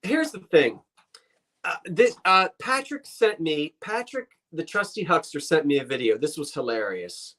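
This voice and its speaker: A man's voice: fairly high pitch, big pitch swings, a little slow, fairly bright tone. A man co-hosting a casual live-stream chat, teasing playfully and telling stories. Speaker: co-host.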